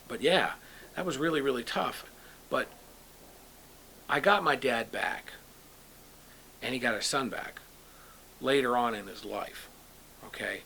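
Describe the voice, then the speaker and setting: A man's voice: medium pitch, creaky, a little hiss or hum. A middle-aged man from Youngstown, Ohio, a painter, telling personal stories in a documentary interview and acting out the voices of people he quotes. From Youngstown, Ohio, USA. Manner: animated storyteller, acts out quoted dialogue. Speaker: painter and comic book writer interviewed.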